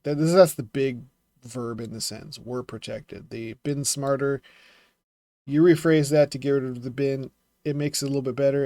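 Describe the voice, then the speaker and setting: A man talking through writing advice in a casual vlog, thinking aloud with fillers and quick self-corrections. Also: medium pitch, darkish tone, no room sound. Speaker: self-publishing vlogger critiquing writing.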